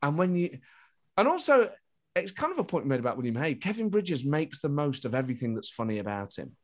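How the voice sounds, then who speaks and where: A man's voice: fairly high pitch, big pitch swings, fairly quick. A British man, a comedian, talking animatedly as a podcast guest, often restarting his thoughts mid-sentence. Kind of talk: casual interview chat.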